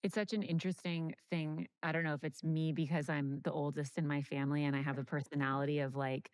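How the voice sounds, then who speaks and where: A woman's voice: low voice, flat delivery, quick pace, smooth. A woman hosting a podcast, reflecting thoughtfully in casual conversation. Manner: reflective, with many fillers and restarts. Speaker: podcast host.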